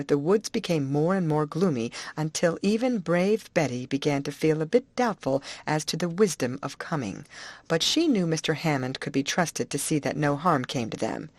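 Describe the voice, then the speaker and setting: Low-voiced woman reading an audiobook. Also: no room sound. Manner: clear, expressive storytelling. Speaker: audiobook narrator.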